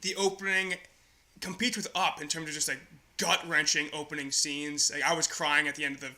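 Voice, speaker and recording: A man's voice: a little high, flat delivery, a little fast, bright, forceful tone. A young man co-hosting a podcast, chatting casually and gushing with enthusiasm about movies. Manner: enthusiastic, gushing, laughs often. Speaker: podcast co-host. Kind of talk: casual movie review chat.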